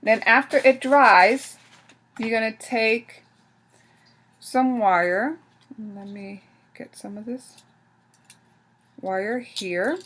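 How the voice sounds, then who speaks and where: A woman's voice: a little high, drawn-out words, pauses often, fairly bright tone, breathy edge. A woman hosting a craft tutorial, explaining each step casually while she works, often restarting her sentences. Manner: casual, talks while working, frequent restarts.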